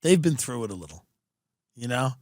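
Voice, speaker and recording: Animated man telling comedic stories. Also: mid-range voice, a little fast, dry recording, studio quality. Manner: animated, profane, mimics people in quoted voices. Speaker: podcast host. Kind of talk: comedic storytelling chat. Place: Southern California.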